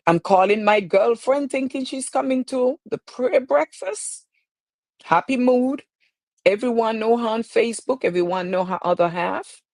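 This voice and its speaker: A woman's voice: a little high, a little mellow, no echo. A woman hosting her own stream, speaking in an emotional, preacherly way with repeated phrases. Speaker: show host. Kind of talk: impassioned live-stream talk.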